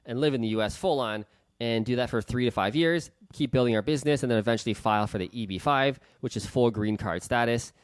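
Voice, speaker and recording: A man's voice: medium pitch, fast talker, clear, resonant tone, no echo. A man, a real estate investor giving a webinar, talking bluntly and heatedly, swearing freely and leaping up for emphasis. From Canada. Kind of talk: unscripted webinar talk.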